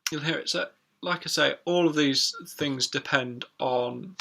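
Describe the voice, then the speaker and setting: A man teaching pronunciation in a chatty live stream, repeating words slowly for learners. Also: mid-range voice, gravelly, sharp tone. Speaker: English teacher.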